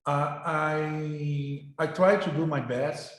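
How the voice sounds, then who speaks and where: A middle-aged male professor, speaking informally to his class in halting English, often repeating words. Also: fairly high pitch, fairly even intonation. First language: Portuguese. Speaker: university professor. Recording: very echoey room.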